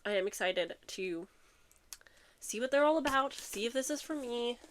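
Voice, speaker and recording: A young woman vlogging a book unboxing in a casual, chatty way, excitable and giggly, a bit out of breath. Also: on the high side, normal speed. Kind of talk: casual chat and reading blurbs aloud.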